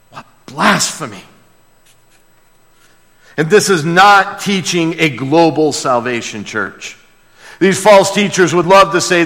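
Male pastor, sermon, slow deliberate delivery, fairly high voice, echoing sanctuary. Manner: passionate, swings from hushed to crying out.

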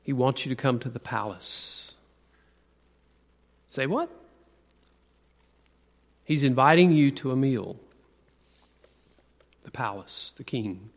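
A man's voice: mid-range voice, lively intonation, vocal fry. Man preaching in a reverberant hall. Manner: asks the audience questions, then slows on key words. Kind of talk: conversational sermon. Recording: long reverb of a large hall.

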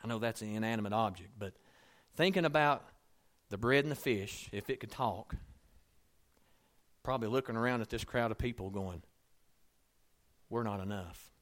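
A man preaching a sermon in a conversational, storytelling way, dropping to soft asides and rising to emphatic points. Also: fairly low pitch, moderate pace. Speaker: pastor.

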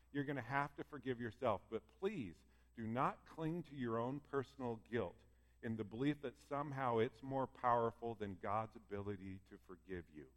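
A man preaches a sermon, earnest and conversational as he talks his congregation through scripture. His voice sits in a middle register. The sound rings out with a long hall reverb. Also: medium pitch. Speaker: pastor.

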